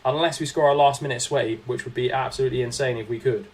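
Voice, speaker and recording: A young man chats while live-streaming his own gameplay, reacting to the game and reading viewer chat aloud to reply. He speaks fast in a steady, slightly mellow, mid-range voice.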